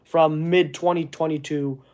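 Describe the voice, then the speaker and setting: A man from Canada, hosting a casual livestream and chatting with viewers in a halting, earnest way as he searches for words. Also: a little high, level tone, darkish tone. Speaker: wrestling channel host. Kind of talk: casual livestream chat reading comments.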